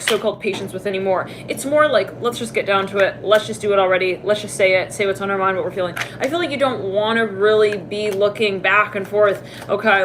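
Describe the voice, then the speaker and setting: Chatty woman giving a tarot reading. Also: noisy background. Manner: chatty, laughing, voices quoted people in a high pitch. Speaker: tarot reader. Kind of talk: casual tarot reading to camera.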